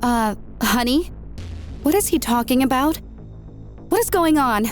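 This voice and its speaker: An actress voices a weary alien mother in an animated drama. Her voice is high and unhurried, languid in manner, with music playing behind. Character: weary alien mother, adult woman, soothing.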